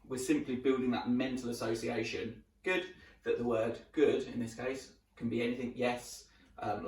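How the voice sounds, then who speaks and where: Male dog trainer, mid pitch, relaxed teaching delivery, picked up off-mic in a reverberant space. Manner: repeats a short marker word while explaining; relaxed, with fillers and restarts. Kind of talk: instructional demonstration. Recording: roomy sound from some distance.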